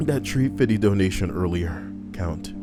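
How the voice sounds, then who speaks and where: A man's voice: low voice, lively intonation, normal speed. A man reading stories on a live stream, casual and profane, breaking off for wry asides to his chat. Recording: background music playing.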